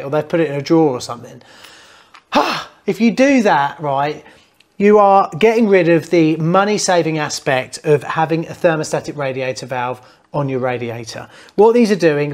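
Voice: medium pitch, expressive, moderate pace, darkish tone. A plumber explaining heating fixes to viewers in a blunt, teasing, jokey way. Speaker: plumber hosting a how-to channel. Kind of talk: casual instructional talk to camera.

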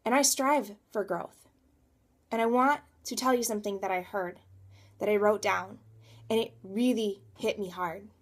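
A woman's voice: medium pitch, unhurried. A woman in her thirties talking through a personal motivational vlog, emphatic and repeating words for stress. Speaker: coach and realtor.

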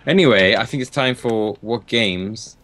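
A man's voice: fairly low pitch, a little slow, fairly bright tone. A young man co-hosting a casual gaming chat, teasing and joking, often laughing. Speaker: co-host of a gaming series.

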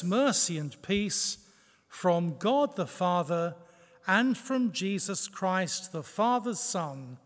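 High-voiced man preaching in a church. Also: fairly bright tone. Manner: conversational, with rhetorical tags and self-deprecating asides. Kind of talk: sermon. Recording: long church reverb.

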